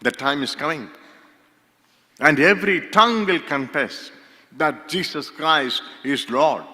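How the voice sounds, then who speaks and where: A man from India delivers a sermon in a slow, emphatic way, leaning on repeated lines. His voice sits a little high and bright. Long reverb from the church hall trails behind every phrase. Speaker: pastor. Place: church sanctuary.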